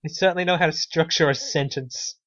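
A man's voice: on the high side, fairly even intonation, a little fast, a bit bright, dry recording. A man co-hosting a podcast, chatting casually with a wry, sarcastic edge, often trailing off and restarting. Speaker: podcast co-host. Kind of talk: casual chat. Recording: dull, dry lo-fi podcast audio.

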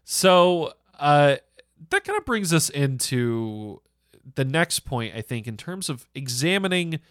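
A young man co-hosting a casual podcast chat, animated and laughing often, with plenty of fillers. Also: fairly high pitch, takes it slowly, clear, resonant tone, no room sound, clean studio sound. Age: young adult. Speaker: podcast co-host.

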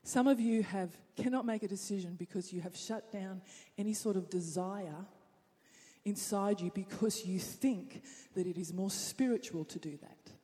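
A woman preacher delivers a dramatic sermon, dropping to hushed tones and then building to loud appeals. Her voice fills a church hall with a long trailing reverb. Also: mid-range voice, normal speed.

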